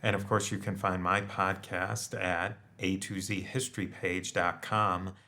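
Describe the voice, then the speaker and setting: Low-voiced man talking haltingly, full of fillers. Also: flat delivery, sharp tone. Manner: halting, many fillers and restarts. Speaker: podcast host. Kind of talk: casual conversational discussion.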